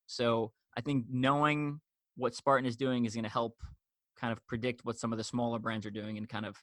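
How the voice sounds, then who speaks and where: Bright-voiced man hosting a podcast. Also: mid-range voice, no echo. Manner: relaxed, chatty, with frequent fillers. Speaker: podcast host.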